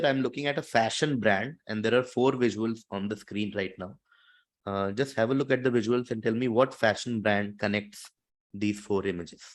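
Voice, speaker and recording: A man with an Indian English accent hosting a quiz show, reading out questions and scores in a steady, explanatory way. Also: mid-range voice. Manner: steady, explanatory, lightly hesitant with fillers. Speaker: quizmaster.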